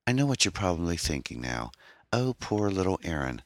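A man voicing a troubled young woman, an orphan who talks in a hesitant, halting, pained way. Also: deep voice, sing-song, no room sound, studio quality, voice pushed up. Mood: guarded, pained.

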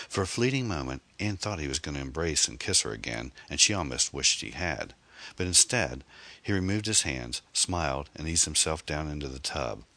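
A man narrating a novel in a measured, steady storytelling manner. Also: a bass voice, dry recording. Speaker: audiobook narrator.

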